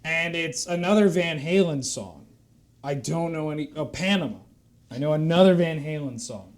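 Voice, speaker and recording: A man telling a long shaggy-dog joke on a live stream, with deadpan, meandering narration that over-explains every detail. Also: fairly high pitch, moderate pace.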